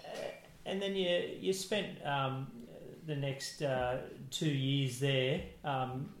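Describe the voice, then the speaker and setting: A man's voice: medium pitch, takes it slowly. Hesitant man asking interview questions. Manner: hesitant, probing questions with many restarts. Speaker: interviewer, local football historian. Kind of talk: oral history interview. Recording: echoey room.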